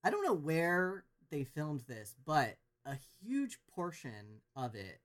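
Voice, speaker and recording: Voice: mid-range voice, huge pitch swings, slow. Rambling, thoughtful podcast co-host. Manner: thoughtful, rambling, many fillers. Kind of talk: casual chat.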